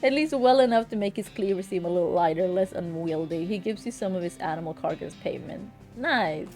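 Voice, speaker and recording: A woman's voice: fairly low pitch, fairly quick, darkish tone, faint music behind. A woman streamer chatting casually and reading game text aloud, chatty and self-mocking.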